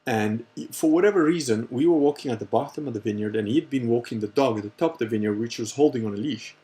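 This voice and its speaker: A man hosting a casual Q&A livestream, telling a story in a rambling, animated way and swearing freely. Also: mid-range voice, fast. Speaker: host answering viewer questions.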